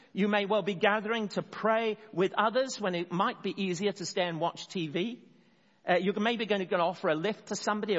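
A man preaching an expository sermon, earnest, slowing down to stress key words and often restarting phrases. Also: high voice, a bit bright. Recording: dull sound in a long-reverb hall.

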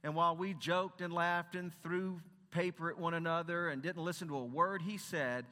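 A man speaking from a stage as a Christian counselor and former pastor, earnest and conversational in a sermon talk. His voice is bright and crisp and sits a little high. A long hall reverb trails after each phrase. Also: fairly even intonation, normal speed. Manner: earnest and conversational, with rhetorical questions.

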